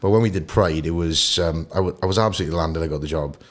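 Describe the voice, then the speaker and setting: A Welsh actor in his thirties, a guest in a casual podcast interview, telling lively anecdotes. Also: rumbling low, fast. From Wales. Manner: animated storyteller who acts out anecdotes.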